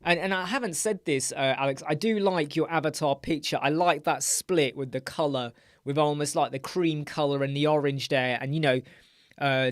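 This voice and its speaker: A man hosting a live Q&A stream, chatty, rambling and quick to get excited as he reads out and answers viewers' comments. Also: on the high side, dry recording, clean studio sound. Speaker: host.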